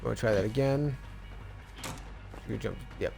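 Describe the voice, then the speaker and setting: A man's voice: on the low side, a little slow, creaky, warm tone, faint music behind. A man streaming a live game, talking to himself and to the other players in a stop-start, chatty way. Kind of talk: live gameplay commentary.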